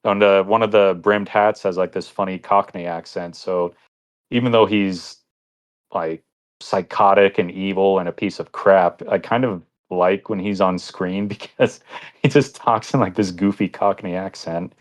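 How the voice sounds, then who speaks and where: A young man with a low voice talks through an anime review in loose, casual podcast chat. He rambles, leans on filler words and breaks into laughter often. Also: fairly even intonation, measured pace. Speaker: podcast co-host.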